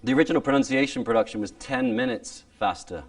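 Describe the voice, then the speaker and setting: A man explaining the old pronunciation in an animated way, sometimes stopping to demonstrate lines of verse. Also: very high-pitched, fast, gravelly, recorded from a distance. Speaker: speaker on original pronunciation. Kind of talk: lively explanatory talk with reading demonstrations.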